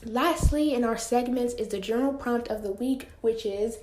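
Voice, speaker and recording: In a casual solo podcast recorded in her home room, a teenage host chats with lots of fillers, a bit out of breath. Her voice is on the high side and warm, at normal speed, with a roomy sound and a little hiss or hum.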